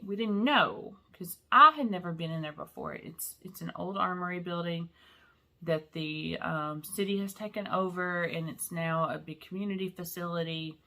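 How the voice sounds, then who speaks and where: A woman's voice: lowish voice, bright, forceful tone. A middle-aged woman chatting casually to camera in her vlog, emotional and laughing between sentences. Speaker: vlog host. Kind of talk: casual chat.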